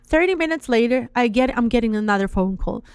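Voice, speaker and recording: A woman's voice: on the high side, animated, fast, clear, resonant tone, dry recording. A middle-aged woman, a cafe owner telling a heartfelt personal story with earnest, phrasing. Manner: earnest, acts out her own quoted prayers and calls; non-native phrasing.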